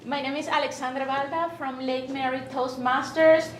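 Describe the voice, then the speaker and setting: High-voiced woman with a Venezuelan accent. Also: steady tone, moderate pace, a little hiss or hum. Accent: Venezuelan Spanish. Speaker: contest participant. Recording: echoey room.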